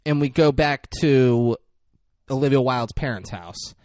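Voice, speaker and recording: A man's voice: a little slow, dry recording, studio quality. A man co-hosting a podcast, casually recapping a film scene by scene, swearing freely and acting out the characters' lines. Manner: retells scenes acting out characters' lines with big swings in pitch and loudness. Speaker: podcast co-host. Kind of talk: casual movie recap chat.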